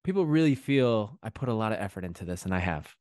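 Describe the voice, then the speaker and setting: A man's voice: on the low side, big pitch swings, fast talker, a little mellow, no room sound, studio quality. A man from Connecticut, chatting as a podcast guest and telling stories with restarts and animation. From Connecticut, USA. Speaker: podcast guest, chef and author. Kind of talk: casual interview chat. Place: home in the English countryside.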